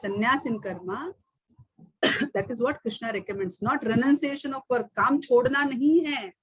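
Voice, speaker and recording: Her voice slightly rough, fairly bright, a little high and quick, this Indian-accented teacher lectures on scripture online in a rough recording. Stories, lots of fillers and switches between Hindi and English run through her talk.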